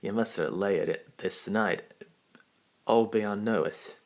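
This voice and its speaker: A man's voice: fairly low pitch, takes it slowly. A man voicing a sleepy, teasing male engine in a storybook reading.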